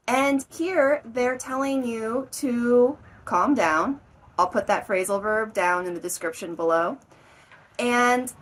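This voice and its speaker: Woman English teacher, slow, careful delivery, somewhat high voice, acts out examples. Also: animated, poor audio. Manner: slow, clear explanations with acted example lines. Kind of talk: explaining vocabulary to learners.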